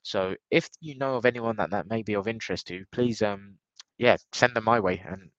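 A man's voice: lowish voice, moderate pace, no echo, muffled recording. Nasal man with a cold. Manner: upbeat and blunt. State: has a cold. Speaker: podcast host. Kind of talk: casual podcast chat.

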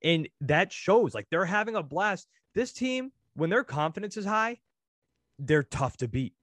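A young man co-hosting a casual sports chat, enthusiastic and quick to cite stats. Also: sits high, sing-song, fairly bright tone, no echo. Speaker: sports podcast co-host.

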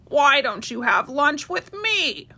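Mom doing a croaky friendly frog, slow and drawn out, kinda high. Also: female voice, big pitch swings, sharp tone, exaggerated voice. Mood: coaxing.

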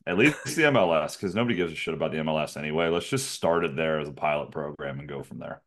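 A man's voice: extremely low pitch, fast talker. A man co-hosting a podcast in casual chat, blunt and joking and swearing freely. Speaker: podcast co-host.

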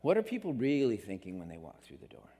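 A man preaching a sermon as pastor, animated, climbing in pitch for emphasis and acting out what people say. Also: quick pace, husky. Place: church sanctuary. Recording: long reverb of a sanctuary.

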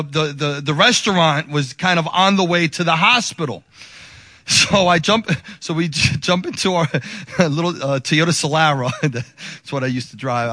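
Man in his 40s, pastor, high bright voice, animated storyteller. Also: no room sound, studio quality. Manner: animated, acts out quotes in a raised voice, laughs often. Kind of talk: storytelling sermon.

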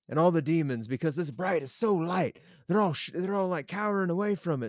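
Young male podcast co-host, lively, rambling storyteller, laughs a lot, dry voice. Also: on the high side, normal speed, no room sound. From American South. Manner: animated, laughs often, many fillers. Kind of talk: casual storytelling chat.

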